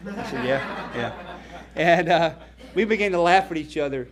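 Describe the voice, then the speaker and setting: A man's voice: fairly high pitch, lively intonation, normal speed, a crowd in the background. A man from North Carolina, a ministry founder giving an earnest, emphatic dinner speech full of rhetorical questions and mission stories. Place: banquet hall.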